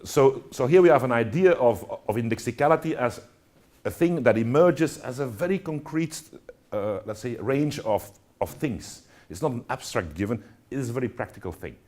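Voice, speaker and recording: A man's voice: medium pitch, lively intonation, normal speed, a little mellow. A man lecturing to students, talking with many fillers and restarts and checking in with "all right?". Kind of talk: university lecture.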